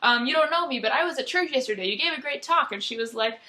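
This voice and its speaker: Bright, high-voiced young woman. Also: fast. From United States. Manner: chatty, excitable, geeky enthusiasm. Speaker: travel vlogger. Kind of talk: casual storytelling vlog.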